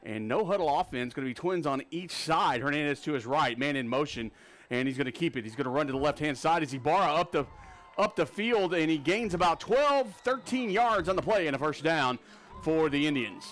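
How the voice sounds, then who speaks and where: Speaking with a Texas drawl, a man narrates a high school football game as it happens, getting fast and worked up whenever a big play unfolds.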